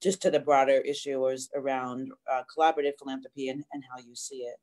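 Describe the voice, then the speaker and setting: A woman moderating a panel discussion, briskly passing the question to the next guest. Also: rumbling low, fairly even intonation, darkish tone.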